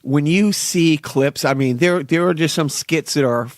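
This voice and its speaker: A man's voice: a little high, unhurried, no echo, studio quality. A middle-aged man co-hosting a podcast, chatting casually and animatedly, laughing often. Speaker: podcast co-host. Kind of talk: casual chat.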